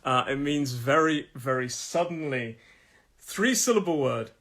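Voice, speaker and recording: A middle-aged man from England, a pronunciation teacher in a live lesson, chatty and repeating words slowly as his voice starts to go. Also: mid-range voice, animated, fairly bright tone. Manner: chatty, repeats each word slowly, laughs at own jokes. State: losing his voice.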